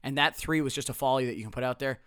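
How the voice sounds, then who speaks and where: Fast, lively male podcast host, sarcastic, bright voice, dry close mic. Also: mid-range voice, smooth, dry recording. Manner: sarcastic, self-mocking, animated. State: strained voice. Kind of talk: casual solo podcast.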